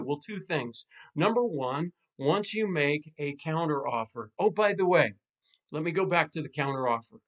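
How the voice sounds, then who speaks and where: A man, a pastor and marriage coach, casually teaching in an animated way and acting out quoted spouses. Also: on the high side, normal speed.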